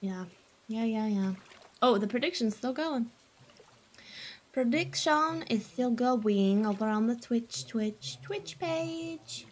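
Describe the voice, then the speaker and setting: A woman's voice: on the high side, animated, slow, darkish tone. A young woman live-streaming a game, chatting playfully with her viewers and reacting to the game with gasps and giggles. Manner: playful and chatty, talking to chat, bursting into gasps and silly sounds. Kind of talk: casual live-stream chat while gaming.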